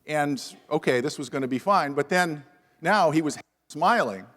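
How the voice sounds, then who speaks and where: A man's voice: a little high, normal speed. Wry storytelling man in a hall. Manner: self-deprecating storyteller, lively and wry. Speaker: panelist professor. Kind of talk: humorous anecdotal talk at a panel event. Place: university event hall. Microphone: lapel microphone. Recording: long reverb of a large hall.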